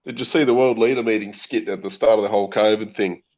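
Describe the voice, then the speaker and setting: A man's voice: lowish voice, steady tone, fast talker, darkish tone. A man telling crude jokes and stories on a livestream. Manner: storytelling, crude, joking. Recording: dull lo-fi audio.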